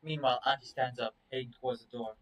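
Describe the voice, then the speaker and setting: A man's voice: medium pitch, steady tone, quick pace, distant mic, low-quality recording. A man reading a first-person story aloud in a casual, profane, confessional way. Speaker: story reader.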